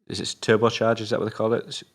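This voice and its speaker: Deep-voiced British man, rambling film chat. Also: little pitch movement. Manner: rambling, halting, many fillers and casual swearing. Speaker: co-host of a film review show.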